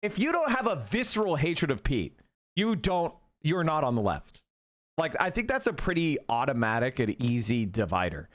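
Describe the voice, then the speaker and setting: A fired-up man in his thirties rants through political commentary on his stream, swearing freely. His voice sits fairly high and swings widely in pitch as he gets heated. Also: wildly swooping pitch, normal speed. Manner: heated, ranting, profane. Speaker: streamer host.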